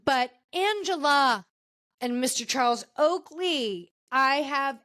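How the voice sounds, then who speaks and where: A woman hosting a casual podcast, recapping a reality show finale in a gossipy, animated way and acting out the cast's lines. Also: high voice, slow, no room sound, studio quality. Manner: animated, gossipy, acts out quotes. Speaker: podcast host. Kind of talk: casual pop-culture recap.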